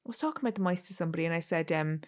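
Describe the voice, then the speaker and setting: A woman's voice: fairly low pitch, racing. A woman co-hosting a candid chat, sweary and self-deprecating, acting out her own inner voice as she tells stories. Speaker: podcast co-host.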